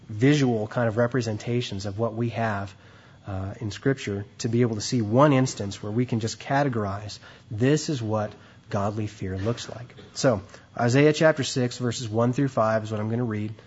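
A man's voice: lowish voice, moderate pace, darkish tone, breathy edge, highs cut off. A man preaching a sermon, reading scripture aloud and explaining it in a conversational way with frequent "right?" and "okay?" asides.

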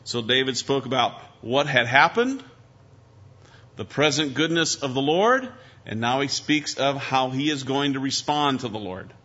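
A man preaching a sermon as pastor, shifting between loud emphasis and quiet, earnest asides. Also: medium pitch, a little slow. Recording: dull lo-fi recording.

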